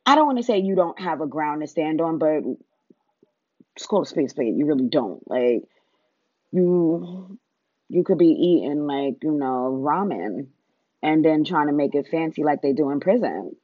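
A woman's voice: low voice, lively intonation, moderate pace, dry recording, narrow, tinny audio. A woman, ranting bluntly and profanely, laughing as she talks. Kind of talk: casual comedic rant.

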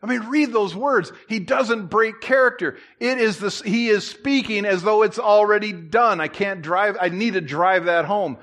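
A man preaching a sermon in church, conversational with asides and restarts, who climbs louder and higher to drive his points home. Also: moderate pace, few pauses. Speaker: pastor.

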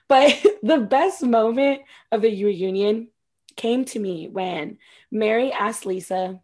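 A woman co-hosting a casual podcast, recapping a reality-TV reunion in a chatty, profane, animated way. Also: a little high, unhurried. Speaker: podcast co-host.

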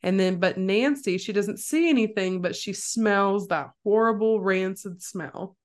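A young woman co-hosting a podcast, casually retelling a horror film scene by scene and acting out the quotes. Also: a little slow. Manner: animated storyteller, acts out quotes with jumps in pitch. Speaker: podcast co-host.

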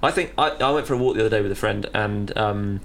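A man's voice: fairly low pitch, fast. A young man hosting a podcast, chatting easily about faith and often laughing. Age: young adult. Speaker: podcast host. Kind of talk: casual chat on faith.

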